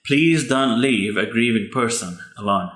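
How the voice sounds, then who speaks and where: A man's voice: medium pitch, unhurried, fairly bright tone. A man, a pastor's son hosting a podcast, giving earnest, heartfelt advice about grief. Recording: echoey room.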